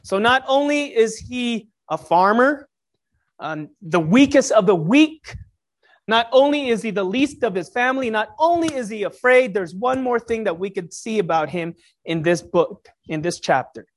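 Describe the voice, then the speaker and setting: A preacher giving a sermon in a conversational way, with jokey asides and sudden rises in pitch and loudness for emphasis. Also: animated, normal speed.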